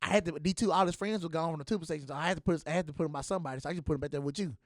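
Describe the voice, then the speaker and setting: A young man hosting a podcast, telling stories in a casual, animated way and acting out the voices of the people he quotes. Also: a little high, racing, no echo, studio quality. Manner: animated, acts out quoted voices, laughs often. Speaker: podcast host. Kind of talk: casual storytelling chat.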